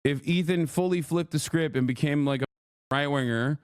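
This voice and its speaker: A man's voice: on the high side, moderate pace, clear, resonant tone, no echo, studio quality. A man streaming live, angrily ranting with lots of swearing as he reacts to another creator. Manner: angry, profane, ranting. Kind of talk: heated reaction rant to live chat.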